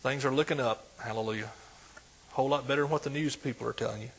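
A man preaching a sermon, folksy and animated, dropping soft and then rising loud. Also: medium pitch, fast talker, creaky, slight background noise.

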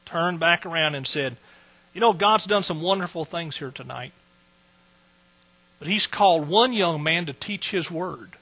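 A man's voice: mid-range voice, bright, forceful tone, husky, rough recording. A man preaching a personal testimony in a folksy, emotional way, close to tears. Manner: folksy, emotional storytelling with fillers. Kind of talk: sermon testimony.

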